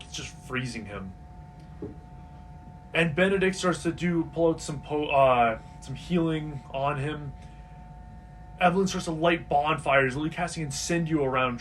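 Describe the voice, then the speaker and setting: A man running a tabletop game as game master, describing scenes in a casual way. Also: on the high side. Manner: casual, describing scenes and voicing side characters. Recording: distant mic with faint noise.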